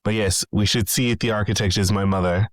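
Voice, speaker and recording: Man doing a deadpan woman with a shaky fake Nordic accent. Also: lowish voice, a little fast, dry recording, close to an everyday voice. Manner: flat, apathetic, with a wavering put-on Nordic accent. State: a little sick. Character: blank-staring adult woman, obsessed with finding a mother.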